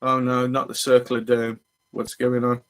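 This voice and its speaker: Brief: male host, mid-pitched voice, rambling and friendly live-stream chat. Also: completely flat delivery, normal speed, a bit bright. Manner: rambling and chatty, greeting viewers as they arrive. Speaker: fishing channel host.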